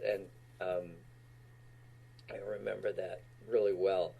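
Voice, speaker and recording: Guest actor, sixties, from Utah: husky, low voice, laid-back anecdotes punctuated by laughter. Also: male voice, sing-song, a little slow, muffled recording. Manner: laughs often while recounting stories. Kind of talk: casual storytelling.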